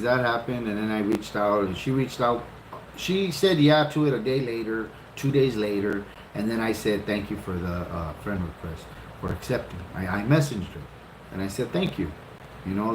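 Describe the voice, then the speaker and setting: Animated fifty-year-old man telling a story. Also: on the low side. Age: 50s. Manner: animated storyteller, acts out his own reactions with a lot of swearing. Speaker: husband telling how the couple met. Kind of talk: casual storytelling. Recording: roomy echo with clear background noise.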